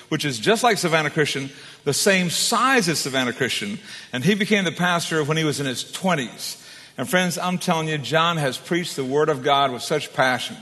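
A man introduces the guest speaker with emphatic enthusiasm, his voice set a little high. A long reverb from a large church hall trails behind every phrase. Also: sharp tone. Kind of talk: warm introduction speech.

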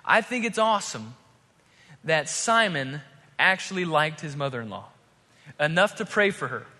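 A man preaching a sermon, telling the story with animated energy and acting out the voices of the people in it. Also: a little high, moderate pace. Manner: animated storytelling, acts out crowd and demon voices. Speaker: pastor. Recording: hall reverb.

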